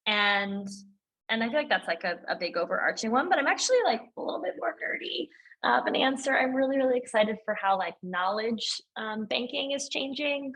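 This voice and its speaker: A young woman speaking as a guest in a casual interview, animated and chatty, filling her talk with "like" and "um". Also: medium pitch, low-quality recording. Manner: animated and chatty, heavy use of "like" and "um". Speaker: guest, operations lead at a tech firm.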